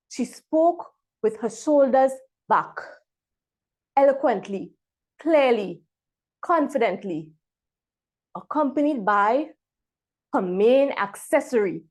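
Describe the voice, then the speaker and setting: A woman from Trinidad and Tobago, giving a prepared speech over a video call and pausing dramatically between words. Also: a little high, darkish tone. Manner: dramatic pauses, emphatic word-by-word delivery. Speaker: club member giving a speech.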